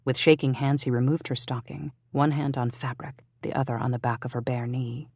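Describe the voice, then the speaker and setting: An audiobook narrator reading a historical romance in an even, measured way. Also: mid-range voice, breathy edge, no echo, clean studio sound.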